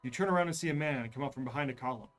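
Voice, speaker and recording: A man hosting a live reading of a horror gamebook, narrating in a measured, suspenseful way. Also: mid-range voice, faint music behind.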